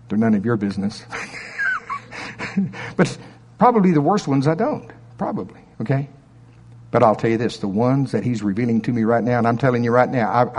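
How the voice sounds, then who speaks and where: A man's voice: medium pitch, darkish tone, husky, in a large hall. A middle-aged man preaching a sermon in a conversational storytelling way, with asides and rhetorical questions to the congregation. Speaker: pastor.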